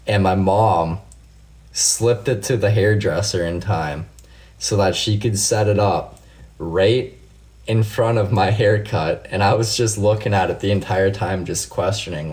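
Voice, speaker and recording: Deep-voiced man chatting on livestream. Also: darkish tone. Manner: chatty, laughing, swears freely, reads out viewer comments. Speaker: livestream host. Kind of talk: casual late-night livestream chat.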